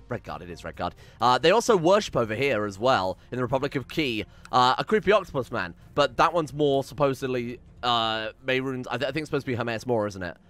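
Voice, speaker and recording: Man, let's-play host, quick delivery, casual swearing, light background music. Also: medium pitch, fairly bright tone. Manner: rambling, swearing, reads event text dramatically. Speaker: gaming channel host.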